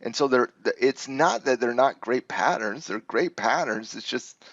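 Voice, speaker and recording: A man's voice: mid-range voice, moderate pace, fairly bright tone, slightly rough, no echo, lo-fi sound. Man coaching through stock charts, dry sound. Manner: thoughtful, restarts phrases, laughs easily. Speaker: trading coach co-host. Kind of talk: casual chart analysis chat.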